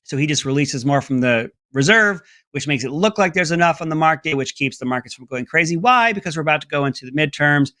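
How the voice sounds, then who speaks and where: Bright-voiced sarcastic male political commentator. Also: animated, fast talker, hardly any pauses, dry recording, clean studio sound. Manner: mocking, breaks into high mimicking voices.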